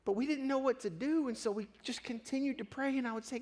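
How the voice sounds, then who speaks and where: A pastor preaching a sermon, telling a personal story with earnest honesty and swelling louder as his feelings rise. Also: very high-pitched, quick pace, few pauses.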